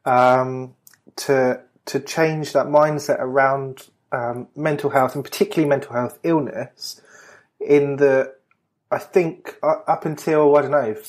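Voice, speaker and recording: A man, a podcast guest in casual chat, speaking gently and laughing warmly. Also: mid-range voice, fairly even intonation, a little slow.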